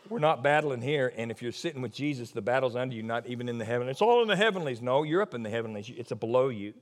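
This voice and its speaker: Man preaching with animated pitch. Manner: emphatic, lively preaching with repetitions and asides. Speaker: pastor. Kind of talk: sermon.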